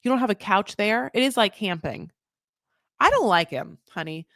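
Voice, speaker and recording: A woman hosting a casual recap podcast, animated and sarcastic, swinging between loud outbursts and muttered asides. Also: medium pitch, normal speed, creaky, no room sound, clean studio sound. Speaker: podcast host.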